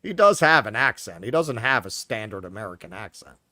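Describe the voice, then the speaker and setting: A man's voice: lowish voice, sing-song, brisk, bright, forceful tone, no room sound, clean studio sound. Sarcastic profane man with a Queens accent. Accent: New York. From Queens, New York. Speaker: podcast co-host. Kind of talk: casual political commentary.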